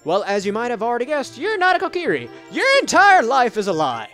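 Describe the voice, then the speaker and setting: A man's voice: very high-pitched, wildly swooping pitch, a little fast, a bit bright, faint music behind, pitched above the performer's own voice, heavily acted. A man doing a chirpy little tree sprout. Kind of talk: playful voice reading of game text.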